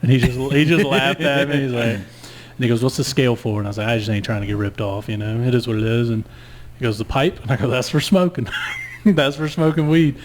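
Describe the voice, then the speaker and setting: A man's voice: medium pitch, fast talker, a little hiss or hum. A man telling a long story in casual podcast chat, laid-back and profane. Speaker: guest storyteller.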